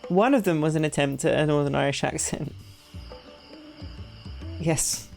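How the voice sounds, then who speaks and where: Female streamer, casual and self-mocking, slightly gravelly, faint music behind. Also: deep voice, measured pace, a little mellow. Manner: chatty, self-deprecating, talks to chat. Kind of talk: casual gameplay commentary.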